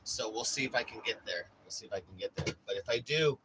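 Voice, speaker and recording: A man chatting casually in a vlog from inside his RV, rambling and swearing, getting animated when he acts out stories. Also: medium pitch, quick pace, slight background noise, poor audio. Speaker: vlogger. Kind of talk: casual chat.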